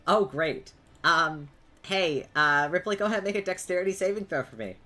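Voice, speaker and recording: A woman's voice: lowish voice, expressive, fairly quick, bright, forceful tone. A woman narrating a tabletop game as game master, hesitant, with many ums and likes.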